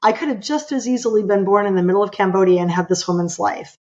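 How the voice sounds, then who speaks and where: A woman's voice: mid-range voice, quick pace, a little mellow, lo-fi sound. A middle-aged woman from California, a podcast guest telling a personal story with emphatic, impassioned delivery. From California, USA.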